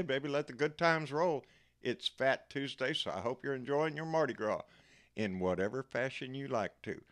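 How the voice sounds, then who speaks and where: A man's voice: mid-range voice, moderate pace, fairly bright tone. A man with a Texan accent hosting a live stream, chatting in a folksy way and greeting viewers as buddy. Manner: folksy and chatty, calls people buddy and baby. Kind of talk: casual chat.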